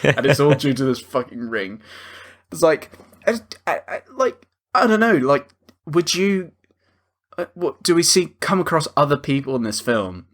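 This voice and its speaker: A man's voice: on the high side, big pitch swings, moderate pace. A young man co-hosting a film podcast, ranting in a sweary, exasperated way during casual chat. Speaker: podcast co-host.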